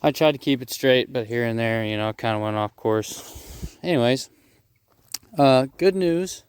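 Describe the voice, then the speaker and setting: A man casually explaining a DIY job as he works outdoors, rough-spoken, swearing freely and joking at his own expense. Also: medium pitch, normal speed, dry recording. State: out of breath at times. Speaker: DIY vlogger. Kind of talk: casual how-to narration while working outdoors. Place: outdoors at a digging site.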